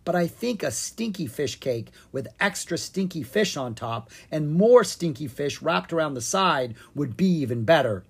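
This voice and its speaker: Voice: medium pitch, lively intonation, normal speed, few pauses, husky. A reader voicing a cheeky, stubborn young boy dragon in a storybook.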